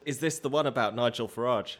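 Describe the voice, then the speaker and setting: A man's voice: mid-range voice, fast talker, very noisy. A man co-hosting a casual podcast chat with dry, wry asides. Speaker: podcast co-host.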